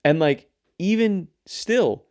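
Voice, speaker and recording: A young man hosting his own show, rambling and swearing in a casual, animated rant. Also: high-pitched, slow. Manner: rambling, profane, animated ranting. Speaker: show host. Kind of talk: casual solo commentary.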